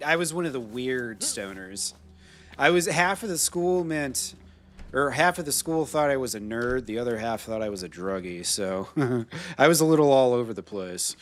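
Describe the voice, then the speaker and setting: Lively, swearing American streamer. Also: male voice, medium pitch. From United States. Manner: swearing, laughing, rambling asides. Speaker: gaming streamer. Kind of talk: casual live-stream chat while playing.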